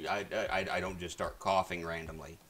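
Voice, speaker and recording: A man's voice: low voice, little pitch movement, brisk, a bit bright. Chatty man streaming a game. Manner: chatty, rambling with frequent restarts and fillers. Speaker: streamer playing a video game. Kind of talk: casual gameplay commentary. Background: faint game music.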